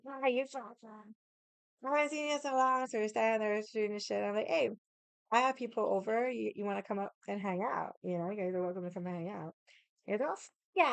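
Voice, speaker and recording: A young woman tells a long story at home with a drink in hand, wandering off topic and cursing freely. Her voice is smooth and clear. It is recorded close and dry. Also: medium pitch, dry recording. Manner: swears freely, drifts into tangents; drinking while chatting. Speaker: vlogger. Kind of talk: casual storytelling.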